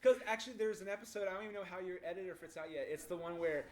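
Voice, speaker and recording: A man's voice: sits high, very fast. A man, an actor guest, telling a story with lots of laughter. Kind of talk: casual roundtable chat.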